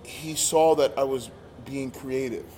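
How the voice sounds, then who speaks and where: A man telling a story in casual chat, acting out quotes with animated energy. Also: mid-range voice, a little slow. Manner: animated, acts out quotes loudly. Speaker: podcast guest, former wrestler. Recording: roomy with long reverb and faint noise.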